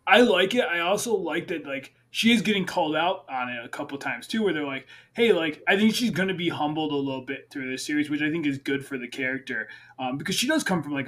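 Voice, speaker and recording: A man with a somewhat higher voice, joining a casual podcast chat. He talks in a playful, animated way and stacks up questions one after another. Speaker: podcast panelist.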